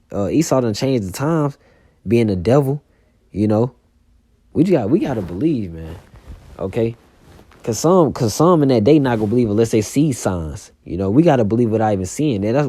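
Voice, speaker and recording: A man's voice: medium pitch, dark tone, no echo. A man preaching casually and reading scripture aloud, with loose talk full of "you know" and "man".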